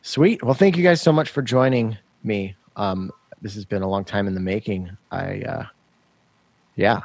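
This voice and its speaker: A man's voice: lowish voice, moderate pace, creaky, a little mellow, no room sound. A man hosting a casual podcast chat about synthesizers in a laid-back way, laughing often and restarting his phrases. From Washington state. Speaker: podcast host.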